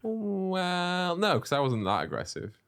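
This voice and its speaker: A man's voice: sing-song, unhurried, gravelly, a bit bright, clear, resonant tone. A man co-hosting a podcast, chatting casually, swearing freely and acting out the people he quotes. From England. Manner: swears freely, acts out quotes with big pitch jumps. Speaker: podcast co-host. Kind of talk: casual chat.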